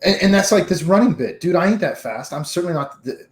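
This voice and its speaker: A man co-hosting a casual podcast, telling stories in a relaxed, slang-filled way. His voice sits a little high. The room around him rings with echo. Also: fast. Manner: laid-back storytelling with slang. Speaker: podcast co-host. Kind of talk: casual chat.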